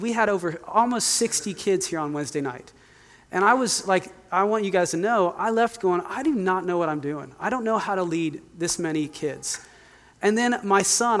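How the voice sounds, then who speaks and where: A man's voice: high voice, a bit bright. A man in his forties, a youth pastor, preaching a candid, conversational sermon and asking the congregation to call out answers. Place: church sanctuary. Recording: long hall reverb.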